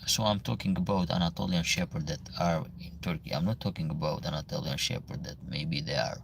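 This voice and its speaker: A very deep, gravelly Albanian-accented man hosts a casual livestream. He reads viewer comments aloud and answers them in halting, broken English, with a faint hiss of noise behind him. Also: fairly even intonation.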